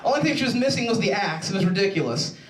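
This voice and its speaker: Young man doing stand-up, rambling animated stories, jumpy pitch all over. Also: fast. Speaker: stand-up comedian. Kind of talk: stand-up comedy set. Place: show stage in a large room. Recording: echoey room, mic from far off.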